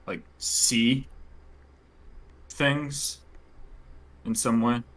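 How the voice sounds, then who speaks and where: A man's voice: mid-range voice, fairly even intonation, drawn-out words, a bit bright. A man playing a tabletop game, joking and blunt, swearing casually as he talks through plans. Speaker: player.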